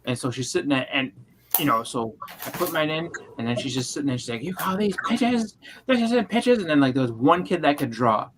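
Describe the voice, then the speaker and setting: A man's voice: mid-range voice, fast talker, background noise. A man telling a long childhood story in casual chat, rambling with many restarts and fillers. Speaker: podcast co-host.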